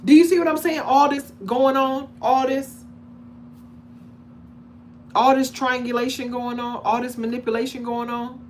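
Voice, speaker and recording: A woman talking casually to her audience about relationships in an animated way, acting out the people she describes and checking in with questions. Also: sits high, measured pace, long pauses, slight background noise. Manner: conversational, asks the audience questions. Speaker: relationship commentator. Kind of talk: casual monologue to camera.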